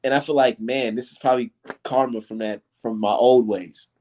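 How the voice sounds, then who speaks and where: A man's voice: medium pitch, steady tone, moderate pace, a little mellow, slight background noise. A man hosting a casual livestream, ranting heatedly with lots of profanity and repeated emphasis. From United States. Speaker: streamer host.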